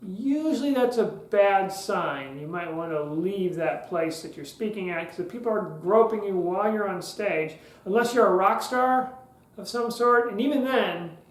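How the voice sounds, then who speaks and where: A man's voice: high-pitched, expressive, normal speed. Man coaching public speaking, roomy echo. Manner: conversational, with joking asides. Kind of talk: solo podcast lesson.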